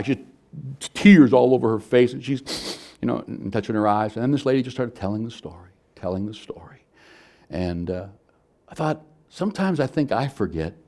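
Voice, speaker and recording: Middle-aged male pastor, mid-pitched voice, chatty sermon delivery with stories, dips soft then swells loud. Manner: conversational storytelling, shifts between soft and loud.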